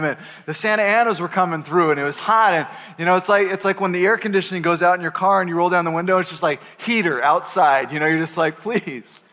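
A pastor preaching a sermon, telling the story with playful voices for the characters. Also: male voice, high voice, bright, forceful tone. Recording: hall reverb.

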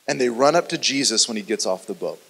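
A man preaching a sermon as a pastor, telling the story dramatically and often dropping his voice low and quiet. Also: lively intonation, quick pace, husky. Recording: long reverb of a large hall.

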